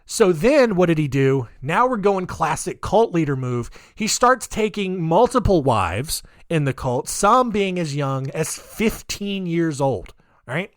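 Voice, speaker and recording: A man hosting a casual storytelling podcast, his voice swinging widely in pitch as he jokes and mocks. He laughs often and talks with open sarcasm. The sound is dry and close. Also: big pitch swings, unhurried, no room sound. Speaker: podcast host.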